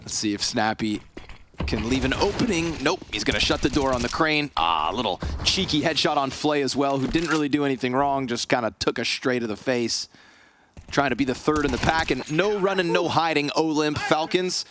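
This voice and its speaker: A male esports caster calls the action in a voice rough from illness. He talks fast and gets excitable, tossing in jokes between plays. A faint hiss sits under the recording. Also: mid-range voice. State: sick voice. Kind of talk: play-by-play commentary.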